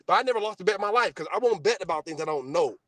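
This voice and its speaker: Animated young man ranting on a podcast. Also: racing, dry recording. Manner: animated, boastful, profane, swings between loud and low mutters. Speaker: podcast host. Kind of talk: heated casual podcast rant.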